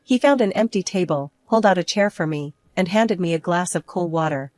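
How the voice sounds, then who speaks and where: A woman reads a first-person story aloud in an even, measured way. Her voice sits fairly low. The sound is dry and close to the mic. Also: no echo. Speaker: narrator.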